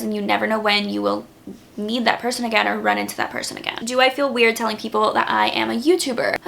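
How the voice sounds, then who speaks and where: Speaking as a YouTuber in her twenties, a woman addresses the camera in a casual, sincere, grateful way, dropping "like" often. Her fairly high, fairly bright voice carries vocal fry.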